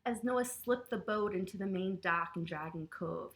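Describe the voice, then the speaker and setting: A woman reading a picture book aloud to children and leading yoga poses, speaking to them in an animated, playful way. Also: mid-range voice, normal speed, hardly any pauses. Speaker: children's storyteller and yoga teacher.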